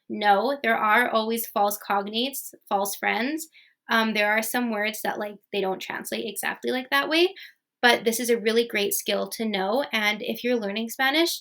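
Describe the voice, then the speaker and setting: A woman's voice: fairly high pitch, vocal fry, pushed and bright. A young woman giving a casual online Spanish lesson, chatty with many fillers. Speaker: Spanish teacher.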